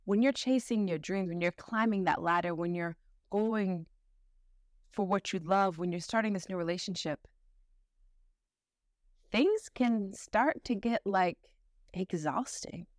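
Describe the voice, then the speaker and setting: A young woman hosts a motivational podcast in a sisterly way, full of slang and emphatic encouragement. Her voice sits at a medium pitch. The recording is dry and close, with almost no room sound. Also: a little slow, long pauses, no echo. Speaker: podcast host.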